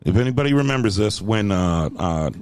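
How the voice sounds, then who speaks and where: A man hosting a podcast in casual chat, telling animated, profane stories and slipping into put-on voices. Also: lowish voice, a little fast, clean tone. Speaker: podcast host.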